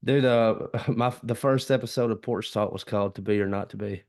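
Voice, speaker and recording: A man's voice: on the low side, steady tone, brisk, darkish tone. Laid-back man hosting a chat. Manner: laid-back, hesitant, many fillers. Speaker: podcast host. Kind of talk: casual interview chat.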